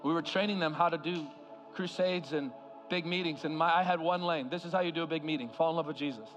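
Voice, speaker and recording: Impassioned high-voiced male preacher. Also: fast talker, soft background music. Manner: impassioned preaching, swings from loud to hushed. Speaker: guest preacher. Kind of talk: sermon. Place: large church hall.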